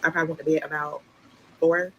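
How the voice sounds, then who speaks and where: A young adult woman telling a casual storytime on a livestream, animated and acting out the voices of people in her story. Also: sits low, fast, lo-fi sound, slight background noise. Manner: animated, acts out quoted voices. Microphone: livestream computer mic.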